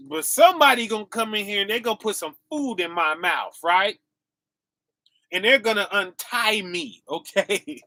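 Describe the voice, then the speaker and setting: A man delivering a casual, slang-heavy sermon at an unhurried pace. His voice sits high and bright and is recorded dry and close with no room sound. He keeps checking in with his listeners and laughs softly between points. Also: no echo. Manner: casual slang, repetitive "right?" and "y'all"; laughs to himself, dips quiet then bursts loud. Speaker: preacher. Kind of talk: informal sermon.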